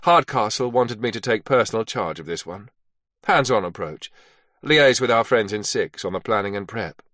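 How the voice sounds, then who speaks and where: A man's voice: fairly low pitch, animated, normal speed, fairly bright tone, no room sound, clean studio sound. A man voicing a stiff, matter-of-fact intelligence liaison officer. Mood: businesslike.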